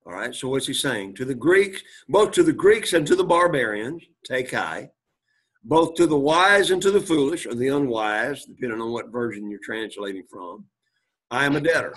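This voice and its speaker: A man teaching a Greek class, reading Greek aloud, translating it and quizzing his students, often clearing his throat. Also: medium pitch, expressive, moderate pace, a bit bright. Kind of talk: classroom lecture.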